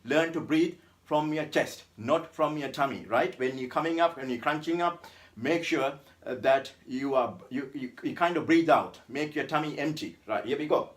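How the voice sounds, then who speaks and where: A fitness instructor talks viewers through an ab routine in a loose, chatty way. This man's voice sits slightly high for a man, and he keeps circling back to the same points. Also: normal speed. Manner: chatty, repeats "guys" and "right?", calls the abs "this man". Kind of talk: casual workout tutorial.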